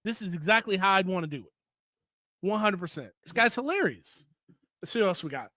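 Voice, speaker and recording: A man's voice: sits high, expressive, a little fast, pushed and bright, no echo. A man giving an opinionated political commentary monologue, heated and emphatic, repeating points for stress.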